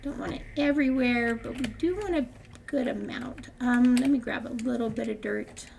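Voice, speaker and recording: A woman's voice: on the high side, moderate pace, gravelly, darkish tone, slight background noise. An older woman hosting a gaming channel, chatting casually through her gameplay with frequent laughs and rambling restarts.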